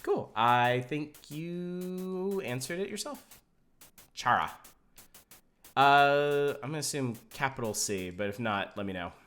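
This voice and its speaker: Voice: mid-range voice, expressive, takes it slowly, a bit bright. A game streamer chatting casually and joking with viewers while playing, over game music. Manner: wry, joking, reacts to chat. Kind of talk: casual live-stream commentary. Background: video game music.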